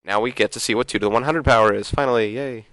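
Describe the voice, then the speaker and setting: A man's voice: medium pitch, fast, a bit bright, no room sound, low-quality recording. A man teaching a casual video math lesson, thinking aloud and sometimes trailing off into mutters.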